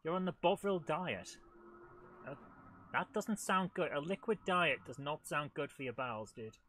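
At a normal speed and with lively intonation, a middle-aged man runs a live let's-play for his retro gaming channel, chatty, self-mocking, and talking to the game. His voice is a little high and fairly bright, with slight background noise.

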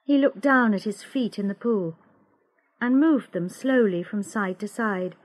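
A woman narrating a graded-reader story for English learners in a slow, clear, expressive way. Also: medium pitch. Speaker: audiobook narrator.

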